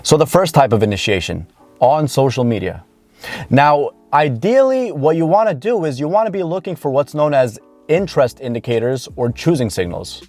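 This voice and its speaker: A man's voice: fairly high pitch, sing-song, moderate pace, a little mellow, no echo, faint music behind. A man coaching viewers on dating, talking earnestly to camera and repeating key points for emphasis. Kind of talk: instructional talk to camera.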